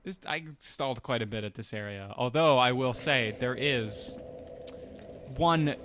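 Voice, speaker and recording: A man's voice: medium pitch, measured pace, fairly bright tone, slight background noise. A man chatting casually with friends as a guest on a game playthrough, amused and a bit theatrical. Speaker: let's play guest. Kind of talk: casual group commentary over gameplay.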